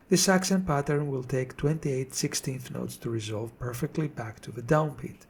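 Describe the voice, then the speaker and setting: Gravelly-voiced man narrating a drum lesson. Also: medium pitch, expressive. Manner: measured, explanatory delivery. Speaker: drum teacher. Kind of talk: scripted tutorial narration.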